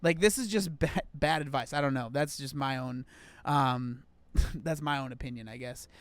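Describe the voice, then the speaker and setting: A man's voice: mid-range voice, normal speed, dry recording. Young man reacting with casual disbelief. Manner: incredulous, casual slang, many fillers. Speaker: host reacting to an article. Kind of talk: casual reading and commentary.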